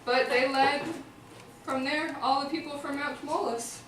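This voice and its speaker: A woman with a Chicago accent performs an epic tale live, her higher voice moving slowly and deliberately through the lines with offhand, joking asides. She sounds far from the microphone in a very echoey hall, with faint room noise around her. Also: fairly even intonation. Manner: casual asides and laughter between recited lines. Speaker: performer-translator. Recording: echoey hall recorded from afar.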